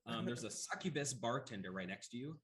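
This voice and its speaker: A man running a tabletop game as game master, narrating in a measured, unhurried way with frequent pauses. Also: medium pitch, animated, fairly bright tone.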